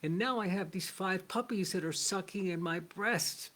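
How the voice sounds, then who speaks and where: A man's voice: high voice, moderate pace, bright, forceful tone. A man voicing a man reborn as a family pet, devoted to his home, in a plain explaining tone.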